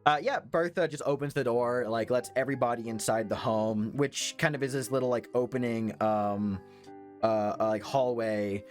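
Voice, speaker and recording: A man's voice: mid-range voice, steady tone, moderate pace, faint music behind. A man narrating as game master for a horror tabletop game, rambling with many fillers.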